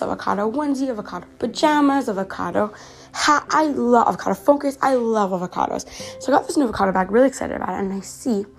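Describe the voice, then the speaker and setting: A woman's voice: medium pitch, vocal fry. A teenage girl from Canada, slightly sick, hosting her own podcast in a chatty, earnest way with many fillers and restarts. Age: teens. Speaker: podcast host. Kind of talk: casual personal podcast monologue.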